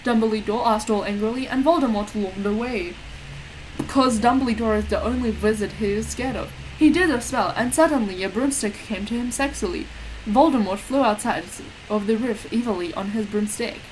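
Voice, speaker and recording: A woman reading a fanfic aloud with deadpan delivery and wry asides. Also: a little high, normal speed, slight background noise, rough recording. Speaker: reader. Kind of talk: dramatic comic reading of a fanfic.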